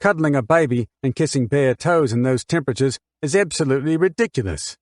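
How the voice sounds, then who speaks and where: A man's voice: medium pitch, expressive, brisk, dry recording, studio quality, lightly acted. A man reading an audiobook voices a woman on the witness stand, a mother who answers with scorn and precise, argumentative replies. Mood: indignant.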